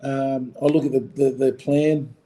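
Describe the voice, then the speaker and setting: A man's voice: medium pitch, level tone, a little slow, dark tone, rough recording. A man in his forties with an Australian accent, a rugby coach chatting casually in an interview, rambling with lots of fillers and restarts. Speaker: rugby coach, former player. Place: Fiji.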